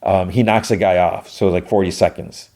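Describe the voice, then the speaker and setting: Low, mellow-voiced man recapping a show. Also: steady tone, moderate pace. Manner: retells scenes with loose quoted lines, many "like" fillers. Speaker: podcast host. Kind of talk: casual episode recap.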